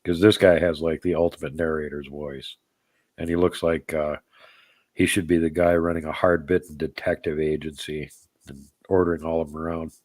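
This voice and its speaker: A man's voice: a bass voice, flat delivery, moderate pace, darkish tone, no room sound. A man hosting a live show in casual chat, rambling and joking as he answers viewers' comments by name. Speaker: podcast host.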